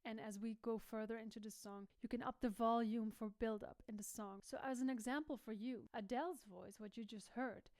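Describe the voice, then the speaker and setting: A young woman working as a vocal coach teaches a singing lesson, pausing to demonstrate sounds herself and switching between explanations and sung or spoken examples. Her voice is a little high, steady and a little mellow, brisk with few pauses, in a dry recording.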